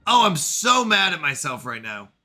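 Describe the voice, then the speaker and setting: A man streaming a strategy game with commentary, animated and scolding himself over a misclick. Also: fairly high pitch, normal speed, soft background music. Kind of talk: let's play commentary.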